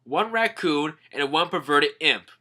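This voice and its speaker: A man voicing a gruff young male swordsman making blunt demands over a phone. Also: fairly high pitch, lively intonation, a little slow, bright, forceful tone, voice pushed up, exaggerated voice. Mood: demanding.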